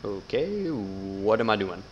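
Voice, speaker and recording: A man's voice: fairly low pitch, sing-song, slow pace, dull audio, a little hiss or hum. A man giving casual, sarcastic gameplay commentary, swearing a lot and reading game text aloud. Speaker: gamer.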